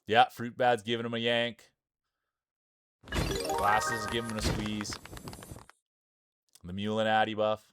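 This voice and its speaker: Smooth-voiced playful stream commentator. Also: male voice, lowish voice, flat delivery, measured pace, pauses often, fairly bright tone, soft background music. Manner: playful, joking, hype-building.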